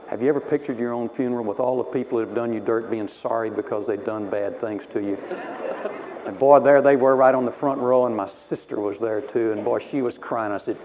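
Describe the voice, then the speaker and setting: A man's voice: mid-range voice, fairly quick, noisy background. A man from Texas preaching a sermon through personal stories, wry and self-mocking, laughing at himself as he tells them.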